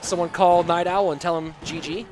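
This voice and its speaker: High-voiced hype esports caster over music. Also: male voice, moderate pace. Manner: excitable play-by-play with hype bursts. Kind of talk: live game commentary mixed with chat replies. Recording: game music clearly behind.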